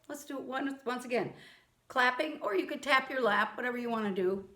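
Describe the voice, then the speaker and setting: A woman music teacher giving a gentle lesson to young children, chanting rhythm syllables and singing now and then. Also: a little high, a little fast, roomy sound, a little hiss or hum.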